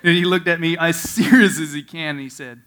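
A man preaching a sermon, telling a story with frequent laughter, swinging from quiet asides to loud emphasis. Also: fairly high pitch, a little fast. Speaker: pastor.

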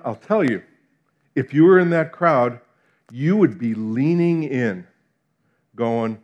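A middle-aged man from New Jersey with a New Jersey accent, preaching a sermon in an animated way, acting out quotes and swinging between loud and hushed. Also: medium pitch, unhurried.

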